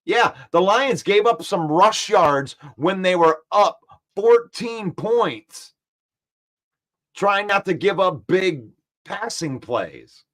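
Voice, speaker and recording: A man's voice: high-pitched, takes it slowly. A man hosting a casual football talk stream, reading viewer comments and firmly arguing back. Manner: reads viewer comments aloud and argues back, animated and defensive. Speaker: sports talk show host. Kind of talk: casual live-stream sports chat.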